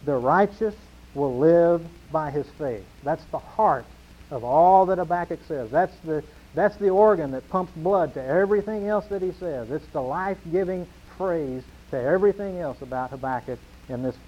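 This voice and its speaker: Pastor, male, slightly high voice, emphatic repeating cadence, dull lo-fi recording. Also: moderate pace. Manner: emphatic, repetitive preaching cadence. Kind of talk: sermon.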